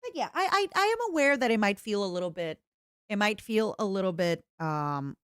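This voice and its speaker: A woman streamer with lively, swinging pitch chats to her audience, rambling and animated, often restarting her sentences. Her voice is dry and close to the mic, with no room sound. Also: moderate pace, clear, resonant tone, no echo. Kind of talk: casual livestream chat.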